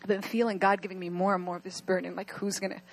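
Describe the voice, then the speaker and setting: A woman's voice: mid-range voice, little pitch movement, fast talker. A young adult woman preaching an earnest sermon to her church, at times crying as she pleads. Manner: earnest, rising to emotional pleas. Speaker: pastor.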